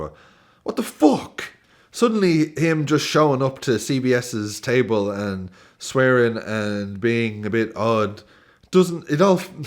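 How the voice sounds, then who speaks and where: A man giving a casual football commentary to camera, animated, laughing and swearing often. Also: medium pitch. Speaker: football YouTuber.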